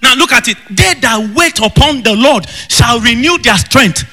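A man preaching a fervent sermon, shouting in bursts and breaking into tongues. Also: extremely high pitch, animated, normal speed. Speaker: pastor. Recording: long reverb with faint music.

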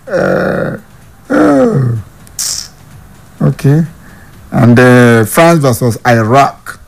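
A Nigerian man hosting a casual football news vlog, reading headlines aloud, then joking about them in Pidgin with frequent chuckles. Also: mid-range voice. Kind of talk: casual sports news commentary.

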